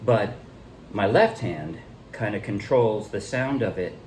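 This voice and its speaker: In a casual music tutorial, a man with a lowish voice teaches a ukulele song, relaxed but halting, restarting as he counts beats, calls out strums and shows the chord changes. There's slight background noise.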